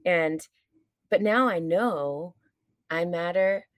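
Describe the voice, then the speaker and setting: A woman with a deep, low-set speaking voice talks as a podcast guest in casual conversation. She is earnest and reflective, speaks candidly and lets the odd curse slip. The sound is dry and close, with no room around it. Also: takes it slowly, dry recording. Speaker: stage performer. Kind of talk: casual chat.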